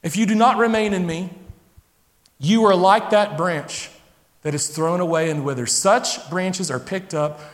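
A middle-aged man preaching a sermon to a congregation, animated, now and then acting out the voices of his listeners and his children. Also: high-pitched, unhurried. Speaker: pastor. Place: church sanctuary. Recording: long reverb of a large hall.

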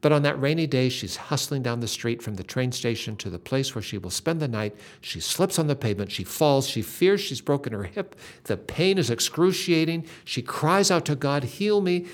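An older man telling a faith story in an earnest, dramatic way, with lively shifts in emphasis. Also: mid-range voice, moderate pace, few pauses.

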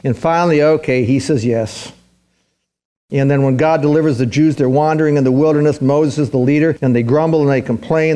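A male pastor preaching an animated sermon, acting out the voices of biblical figures as he retells their stories. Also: mid-range voice, fast. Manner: animated preaching, voicing biblical characters in quotes.

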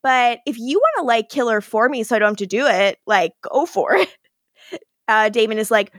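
A woman's voice: fairly high pitch, normal speed, fairly bright tone, dry recording, clean studio sound. A young adult woman hosting a podcast, recapping a TV episode in a chatty, giggly way and acting out quotes. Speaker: podcast host.

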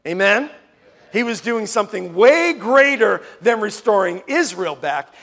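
A man from New York preaching a sermon as pastor, emphatic, swinging from loud declarations to hushed tones and asking the room "Amen?" often. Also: high voice, lively intonation, measured pace, creaky.

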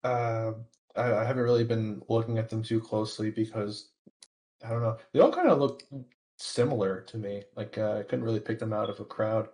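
A man's voice: lowish voice, fairly quick, a little mellow. Hesitant man guest on a podcast. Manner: hesitant, many ums and restarts. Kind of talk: casual chat.

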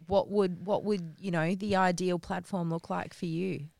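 A woman's voice: on the low side, steady tone, normal speed, creaky, darkish tone, no echo. A woman co-hosting a casual podcast interview, friendly and encouraging. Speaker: podcast co-host.

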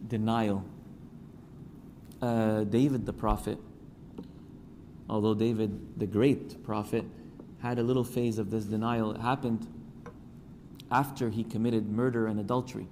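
A man's voice: lowish voice, level tone, a little slow, long pauses, warm tone, slight background noise. A male priest giving a sermon, building emphasis and acting out the people he quotes. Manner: preaching with rising emphasis, acting out quoted voices. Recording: church hall reverb, faint ambience.

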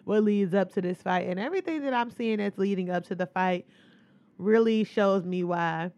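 A woman's voice: mid-range voice, moderate pace, a little mellow, dull audio. A woman co-hosting a podcast in loose, profane casual chat, laughing often as she retells stories. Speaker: podcast co-host.

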